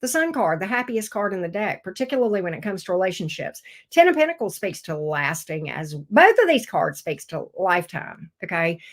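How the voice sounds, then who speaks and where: A woman giving a casual tarot reading, chatty and excitable, swearing now and then when she gets thrilled. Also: lowish voice, brisk, hardly any pauses. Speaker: tarot reader.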